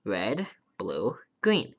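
A woman giving casual commentary over her own gameplay, swinging from quiet hoping to gleeful cheering and calling her viewers dudes. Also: a bass voice, wildly swooping pitch, extremely slow, husky. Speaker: gameplay video creator.

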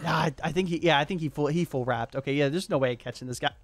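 A man hosting a gaming channel, giving excitable, rambling live commentary on a match and stumbling over player names. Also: on the high side, rapid-fire, no echo, faint music behind.

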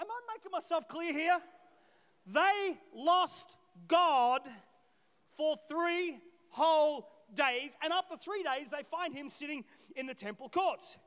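A middle-aged man preaching a lively sermon as pastor, swinging between loud shouted peaks and quiet asides, acting out voices from the story. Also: extremely high pitch, a little slow. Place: church auditorium. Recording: long hall reverb.

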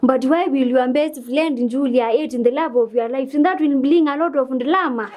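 A woman's voice: high voice, moderate pace, a little mellow, close to an everyday voice. An actress playing an eager, fretful young woman among classmates. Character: anxious young woman, quick to apologise.

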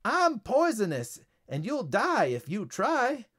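A man doing a high, cackling villain frog. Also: animated. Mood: panicked. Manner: taunting, slow and gleeful.

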